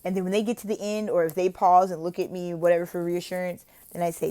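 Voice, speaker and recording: A woman from the United States explaining how to teach online English lessons, switching between casual advice and slow, exaggerated teacher talk. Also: fairly low pitch, flat delivery, warm tone. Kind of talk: instructional vlog with role-played teaching examples.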